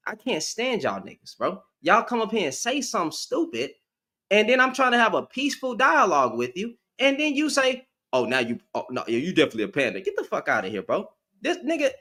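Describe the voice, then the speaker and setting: A man hosting a live stream call, ranting in exasperation and swinging between shouting and muttering. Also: sits high. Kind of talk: heated live stream rant.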